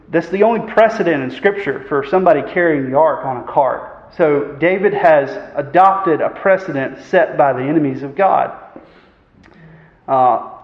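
A man preaching a sermon. He poses rhetorical questions and often clears his throat. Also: a little high. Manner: earnest, asks the congregation rhetorical questions; frequent fillers and throat clearing. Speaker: pastor. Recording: echoey hall, dull sound.

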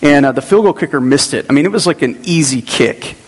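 A man's voice: a little high, lively intonation, fast talker, slightly rough. Man preaching in a reverberant hall. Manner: conversational preaching with personal asides. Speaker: pastor. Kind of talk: sermon.

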